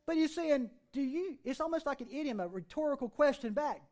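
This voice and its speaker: A man's voice: very high voice, lively intonation, fast, a little mellow. A middle-aged man preaching a sermon as pastor, folksy and conversational, with plenty of rhetorical questions.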